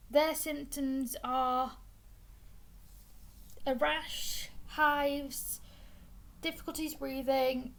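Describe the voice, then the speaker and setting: A young woman explains things in a casual, chatty way. Her voice sits high and carries a gravelly fry, and she stumbles and restarts words now and then. She has the hiccups. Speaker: vlogger.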